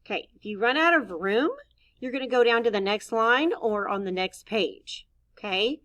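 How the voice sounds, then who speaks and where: A woman's voice: a little high, moderate pace, a bit bright, dull audio. A woman teacher giving a recorded writing lesson for young children, patiently thinking aloud as she models each sentence. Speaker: elementary school teacher.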